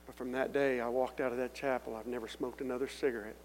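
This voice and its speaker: A middle-aged man giving a personal testimony in sermon style, telling his story earnestly and building up to loud calls to the congregation. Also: mid-range voice, flat delivery, fast talker. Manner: earnest storytelling that swells into loud appeals to the crowd. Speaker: testimony speaker. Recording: echoey hall with faint hum.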